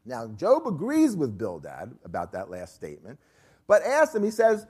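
Animated man teaching a Bible class. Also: mid-range voice, moderate pace, slightly rough. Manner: emphatic, keeps checking with the class.

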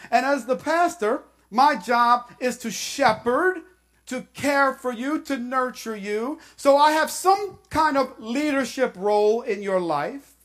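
A woman pastor preaching a sermon to her congregation, slow and emphatic, repeating key phrases. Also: a little high.

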